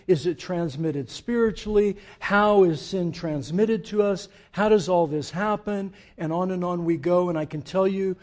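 A man preaching a sermon, swinging from loud emphatic peaks to quiet, low asides and putting direct questions to the congregation. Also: a little slow, few pauses. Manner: emphatic, rising to loud peaks then dropping low and intimate. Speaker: pastor.

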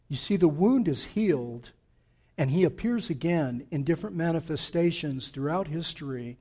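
High-voiced man preaching a lively sermon. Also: moderate pace, slightly rough. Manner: lively, emphatic preaching with asides to the congregation. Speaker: pastor.

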